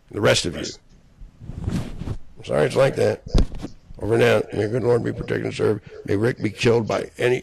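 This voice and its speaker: Man, deep gravelly voice, profane accusatory rant, rambling restarts, bursts of shouting. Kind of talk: solo angry rant.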